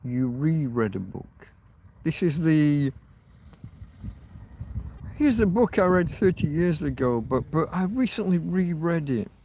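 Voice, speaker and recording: Brit guy rambling on a stream, slow gravelly voice, mutters and swears to himself. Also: fairly high pitch, big pitch swings, warm tone. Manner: muttering, swearing, thinking aloud. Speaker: livestream host. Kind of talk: rambling casual livestream chat.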